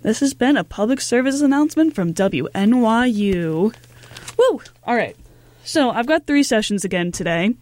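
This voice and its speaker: A woman's voice: a little high, lively intonation, moderate pace, a little mellow, no room sound. A woman hosting a casual radio show in a studio, chatty and upbeat with many fillers.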